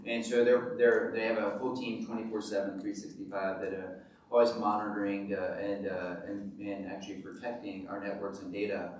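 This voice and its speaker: A man's voice: lowish voice, little pitch movement, normal speed. A man with a Southern US accent, speaking as an enthusiastic company executive on a panel in a large hall. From South Carolina. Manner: upbeat, enthusiastic. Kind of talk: panel discussion. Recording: echoey hall, mic far off, faint noise.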